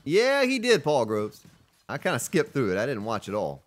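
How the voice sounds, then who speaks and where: A man with a deep voice streaming a survival game, chatting casually and greeting viewers from chat. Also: huge pitch swings, normal speed. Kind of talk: casual live-stream commentary.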